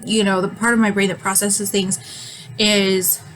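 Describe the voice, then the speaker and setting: A woman's voice: mid-range voice, flat delivery, moderate pace, fairly bright tone, soft background music, poor audio. Chatty woman vlogging, a little winded. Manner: chatty, laughs often, trails off with ums. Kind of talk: casual rambling chat to camera.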